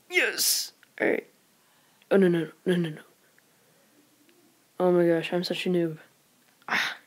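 With a lowish voice, this woman moves at a measured pace and leaves long pauses while commentating live on a game for her channel. She rambles excitedly, exclaims often, and drops whispered asides.

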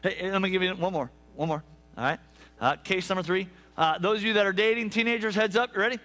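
A man preaching a sermon, telling stories with lively asides to the congregation. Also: high-pitched, brisk, pauses often. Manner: animated storytelling with asides to the congregation. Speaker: pastor. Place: church sanctuary.

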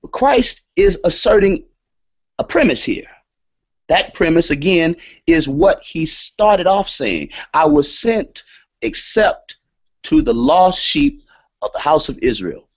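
Male lecturer, emphatic sermon delivery with lively pitch swings, muffled lo-fi sound. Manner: emphatic, repeats key statements. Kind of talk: sermon-style scripture lecture. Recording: dull lo-fi audio.

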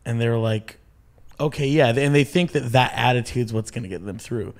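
A man's voice: medium pitch, normal speed, gravelly. A man who is a comedian, chatting casually as a podcast guest, telling stories animatedly, acting out quotes, and swearing often.

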